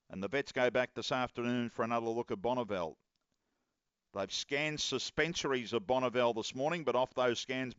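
A man hosting a live radio interview, relaxed and chatty with his guest. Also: mid-range voice, clear, resonant tone, no room sound, highs cut off. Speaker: radio racing show host.

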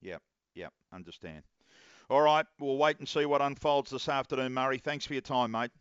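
A man hosting a live radio interview, relaxed and chatty with his guest. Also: medium pitch, normal speed, clear, resonant tone, no echo, highs cut off. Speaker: radio racing show host.

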